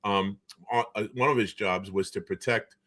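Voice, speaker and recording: A man's voice: lowish voice, moderate pace. A middle-aged man with a Boston accent telling stories on a video call, acting out the voices of the people he quotes. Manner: animated storyteller who acts out quoted voices. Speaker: guest. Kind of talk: storytelling in casual chat.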